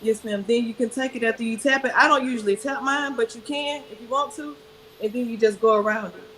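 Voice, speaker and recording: A woman yoga teacher guiding a breathing exercise, speaking calmly and instructively and answering politely. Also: a little high, fairly quick, rough recording. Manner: calm, instructive, says "yes, ma'am".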